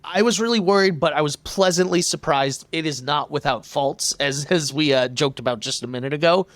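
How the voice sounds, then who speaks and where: A man's voice: on the high side, a little fast, fairly bright tone, no room sound. A man hosting a casual podcast chat, playful and enthusiastic.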